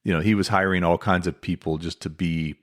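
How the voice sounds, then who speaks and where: A man's voice: deep voice, fairly even intonation, a little fast, a bit bright. A man hosting a podcast, telling a life story in a casual, chatty way with lots of asides. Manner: conversational, many fillers and asides. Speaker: podcast host.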